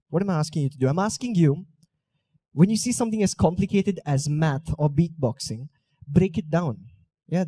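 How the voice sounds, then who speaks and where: Speaking in a high-pitched, mellow voice without echo, a young man on an auditorium stage leads a live talk with audience drills. He's playful, teasing and coaching the crowd along.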